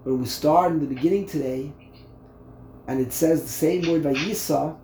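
A man's voice: fairly high pitch, normal speed, reverberant, background noise. A man, a rabbi, teaching a Torah class in a conversational way, asking his listeners rhetorical questions and often repeating words.

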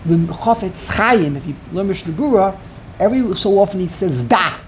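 A woman's voice: medium pitch, animated, normal speed, slight background noise. A woman teaching a Torah class, emphatic and digressive, peppering her speech with Yiddish and Hebrew terms. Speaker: Talmud teacher.

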